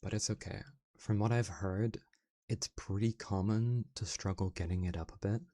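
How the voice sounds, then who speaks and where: Gravelly low-voiced man in playful ASMR chat. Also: fairly even intonation, normal speed, mellow. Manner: playful, chatty, laughs often. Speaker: ASMR streamer. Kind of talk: casual ASMR stream chat.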